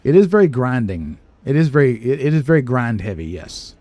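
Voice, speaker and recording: A man's voice: medium pitch, big pitch swings, fairly quick, mellow, no echo. An older man giving casual, hesitant commentary as he plays a video game, chatting to himself and poking fun at his own fumbling. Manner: chatty, hesitant, self-deprecating, talks to himself. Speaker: game streamer.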